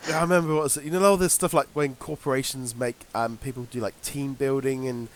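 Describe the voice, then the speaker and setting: A man's voice: mid-range voice, fairly even intonation. A British man co-hosting a podcast in casual, rambling chat with lots of fillers and restarts. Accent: British English. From Britain. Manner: rambling, halting, many fillers. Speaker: podcast co-host.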